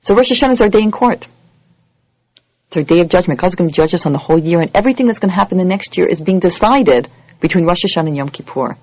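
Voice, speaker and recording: A woman giving an animated lecture, acting out little scenes and quoted voices as she teaches. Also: quick pace, dry recording. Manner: animated, acts out quoted voices with big pitch jumps. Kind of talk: lively lecture. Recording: dull lo-fi audio recording.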